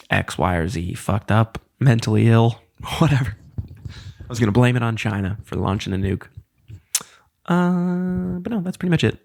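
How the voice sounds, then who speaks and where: A man of about thirty talks through a solo podcast episode in a loose, rambling way and pokes fun at himself. His voice sits somewhat low and carries a gravelly, frayed texture. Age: around 30. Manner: rambling, self-deprecating, loose and conversational. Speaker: podcast host. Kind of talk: casual solo podcast monologue.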